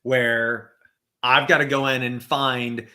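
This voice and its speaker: A man's voice: medium pitch, little pitch movement, slow, bright, forceful tone. A man as a podcast guest in casual conversation, thinking aloud with many fillers and restarts, over a video call.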